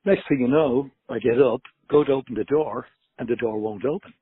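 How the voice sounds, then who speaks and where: Husky man on a tinny line. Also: medium pitch, fairly quick, dry recording. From Ireland. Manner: animated, profane, acts out dialogue. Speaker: guest musician. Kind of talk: casual storytelling.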